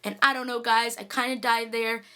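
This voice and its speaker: A woman vlogger telling a story to camera in a casual, excitable, gushing way, full of "like"s. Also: on the high side, normal speed, clean tone.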